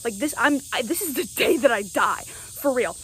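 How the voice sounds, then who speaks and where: A young woman with a slightly high voice tells a story straight to camera. She talks casually and stays animated, often tossing in "right?". There is a faint hiss in the background. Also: moderate pace, poor audio. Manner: animated, keeps asking "right?". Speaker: vlogger.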